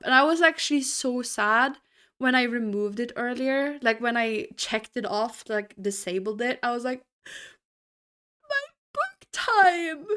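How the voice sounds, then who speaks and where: A bubbly young woman chats away on a live stream, her voice sitting a little high. She laughs easily and answers her viewers as she goes. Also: a bit bright, clear, resonant tone. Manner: bubbly, laughs often, reacts to chat. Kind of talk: casual live-stream chat.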